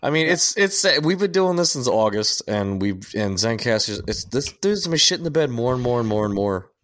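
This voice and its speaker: A man's voice: medium pitch, expressive, normal speed, a bit bright, no echo, studio quality. A man co-hosting a podcast in casual chat, rambling and swearing freely, often restarting his sentences. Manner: rambling, profane, restarts a lot. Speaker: podcast co-host.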